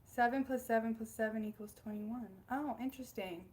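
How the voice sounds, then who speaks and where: A bubbly young woman chats casually on a livestream from her home. She laughs often and greets viewers warmly by name. Her voice sits a little high. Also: fairly even intonation, a little fast. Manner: bubbly, giggly, reads out viewer names. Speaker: spiritual livestream host. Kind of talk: casual live-stream chat.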